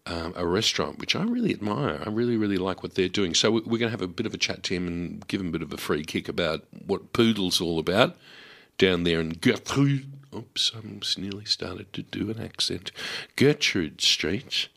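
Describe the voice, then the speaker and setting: A man's voice: deep voice, lively intonation, a little fast, vocal fry, few pauses, fairly bright tone, breathy edge. An Australian man hosting a community radio show, chatty and enthusiastic, with lots of fillers.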